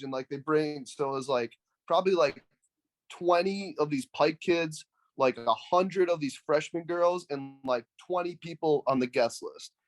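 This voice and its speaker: A man's voice: a little high, no echo. Rambling young man telling a story. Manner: rambling, filler-heavy. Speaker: guest. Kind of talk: casual storytelling.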